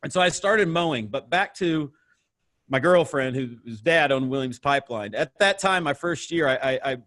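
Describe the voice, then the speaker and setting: A man's voice: medium pitch, moderate pace, dry recording. A man in his thirties from the American Midwest, a guest on an entrepreneurship interview, telling his story casually and acting out the dialogue. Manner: animated storyteller, acts out dialogue.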